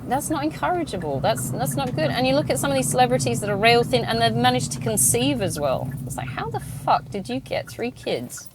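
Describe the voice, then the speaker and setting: A woman's voice: fairly high pitch, very animated, a little fast, few pauses. A woman in her thirties hosting a podcast, talking bluntly with a lot of swearing in a casual monologue from inside a car. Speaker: podcast host. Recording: car road noise.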